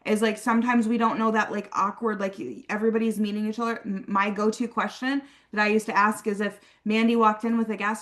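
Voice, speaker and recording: A woman's voice: flat delivery, fairly quick, few pauses, a bit bright. Chatty woman coaching her sales team. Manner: acts out sample dialogues in a higher, livelier voice; chatty, peppers talk with "okay?" and "like". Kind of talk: casual coaching talk on a team call.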